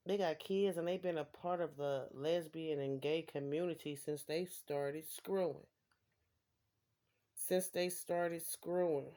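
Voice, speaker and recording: A woman's voice: low-pitched, a little mellow. Rambling woman reading tarot. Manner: rambling, repeats phrases for emphasis. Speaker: tarot reader. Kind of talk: casual tarot reading vlog.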